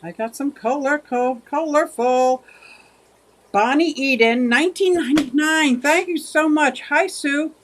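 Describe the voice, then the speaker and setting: A woman's voice: high voice, unhurried, slight background noise. A woman hosting a casual livestream, chatting with viewers in a rambling way and thanking them by name. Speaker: livestream host.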